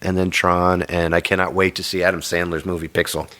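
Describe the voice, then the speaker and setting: A man's voice: low voice, little pitch movement, brisk, bright, forceful tone. A man hosting a casual chat podcast, rambling and joking, amused by his own stories. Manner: rambling, jokey, self-amused. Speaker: podcast host.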